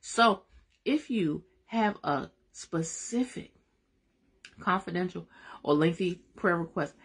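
Woman w/ running a live bible study, low husky voice, gets real fired up then prays soft. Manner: excitable, folksy and emphatic, turning to soft prayer.

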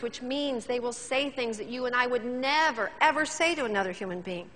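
A woman's voice: fairly high pitch, brisk, few pauses, long reverb tail. A woman motivational speaker giving a theatrical keynote speech on stage to a live audience. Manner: animated, theatrical, addresses audience.

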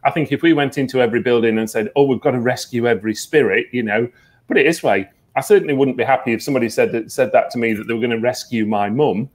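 A man, a psychic medium guest, telling stories earnestly in a relaxed interview, with many fillers. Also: medium pitch, quick pace. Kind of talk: conversational interview.

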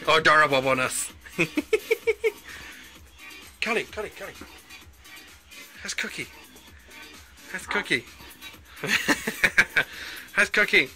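Giggly woman, slow and very bright. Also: on the low side. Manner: giggly, teasing, coos at the dogs in baby talk. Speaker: person filming a friend and pet dogs. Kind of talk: casual home video chat.

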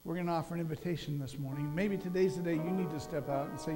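Male pastor with a high voice preaching a sermon, reverberant sanctuary with a faint mains hum. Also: fast talker, few pauses, music in the background. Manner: animated, emphatic preaching that drops soft and low at the close. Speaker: senior minister. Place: church sanctuary. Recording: long church hall reverb with mains hum.

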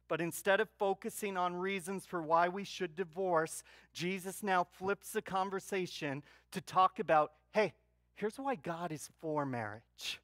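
Pastor, sermon, animated, joking stories, bright tone, dry sound. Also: mid-range voice, no room sound. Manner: animated storytelling with humor. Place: church.

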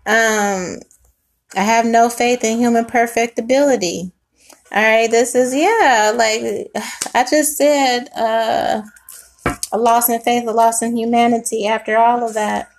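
High-pitched woman, tarot reader, casual and emotional, swears a lot. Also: steady tone, measured pace. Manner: emotional, swearing, talks to the viewer as baby and sweetheart.

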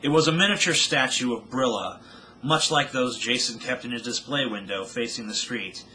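A man's voice: medium pitch, moderate pace, sharp tone, slight background noise, poor audio. A man reading his own novel aloud with dramatic storytelling narration.

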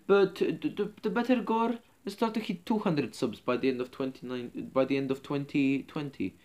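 A man's voice: moderate pace, a little mellow. A man ranting in character to his viewers as their host, rambling and hesitant with lots of ums and restarts, and he keeps calling them comrades. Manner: keeps addressing viewers as comrades, dropping low on the word. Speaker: channel host. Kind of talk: in-character comedy rant to camera.

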